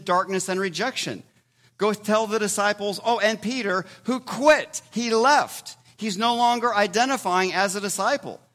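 A pastor speaks to his congregation in a loose, conversational sermon. His voice sits a little high for a man, and he jumps into loud, emphatic bursts before dropping back to a quieter tone.

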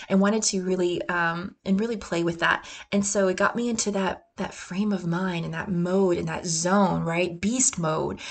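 A woman hosting a motivational podcast, talking with energy and laughing often, sometimes dropping into gruff chanted quotes. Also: on the low side, steady tone, normal speed, hardly any pauses. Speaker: podcast host.

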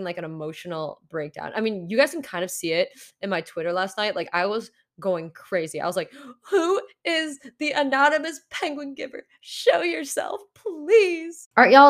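A young woman hosting a casual solo podcast, rambling and apologetic, full of restarts and fillers. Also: medium pitch. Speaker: podcast host.

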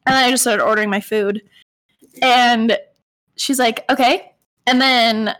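Animated young woman telling a story. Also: on the high side, moderate pace. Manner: animated, quotes people with "I was like", frequent fillers. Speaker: podcast co-host. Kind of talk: casual storytelling chat.

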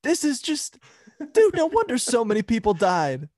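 A young man co-hosting a podcast, chatting casually, joking and jumping up in pitch when he exclaims. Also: moderate pace, no room sound, studio quality. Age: young adult. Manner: animated, joking, voice jumps high when exclaiming. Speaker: podcast co-host.

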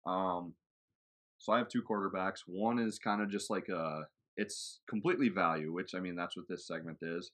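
A man co-hosting a casual fantasy football podcast, relaxed and agreeable. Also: low voice, moderate pace. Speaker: podcast co-host.

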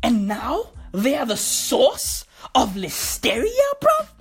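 A woman's voice: on the high side, huge pitch swings, slow pace, breathy edge, soft background music. Swearing woman's comedy rant. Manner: loud, swearing, mocking, full of slang.

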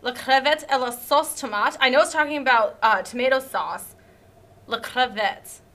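A woman's voice: high voice, normal speed, a bit bright. A young woman from Canada reading a silly fan story aloud, often breaking into laughter and chatting between lines. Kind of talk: casual dramatic reading with commentary.

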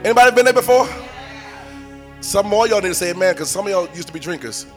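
Animated preacher man, high lively voice. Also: fast talker, soft background music. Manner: animated preaching, swinging from loud calls to hushed asides. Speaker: pastor. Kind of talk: sermon.

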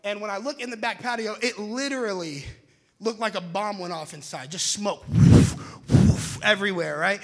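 A young man, a pastor, telling a lively, jokey story to an audience and acting out his own shouts. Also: sits high, brisk.

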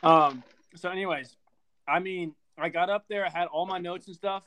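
A man's voice: high-pitched, steady tone, normal speed, pushed and bright. A man on a podcast telling a funny story in a casual, laughing way. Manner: laughing storyteller, says dude a lot. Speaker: podcast co-host. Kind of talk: casual chat.

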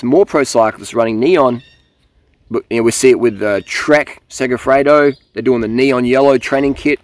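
A young man talking to camera outdoors in a blunt, rambling, profane way about cycling habits. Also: medium pitch. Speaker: cycling vlogger. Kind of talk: casual rambling monologue.

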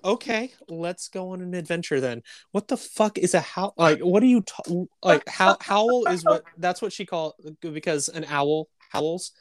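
A man in his thirties co-hosting a podcast, telling animated stories in casual chat, swearing often and laughing between lines. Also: high voice, a little slow, few pauses, no room sound, clean studio sound. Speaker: podcast co-host.

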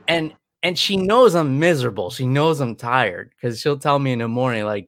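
A man's voice: mid-range voice, expressive, normal speed, few pauses, a bit bright, no echo. Tired, rambling man. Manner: rambling, chatty, many restarts. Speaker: podcast co-host. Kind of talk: casual chat.

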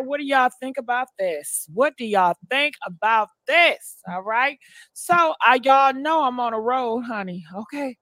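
Woman, slow chatty vlog, bright tone, dry close sound. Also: high voice, no echo. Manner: slow, chatty, addresses viewers as y'all. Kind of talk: casual vlog chat.

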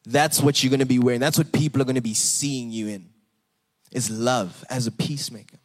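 A young man preaching a sermon, earnest and animated, repeating words and rising for emphasis. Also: medium pitch, brisk. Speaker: pastor.

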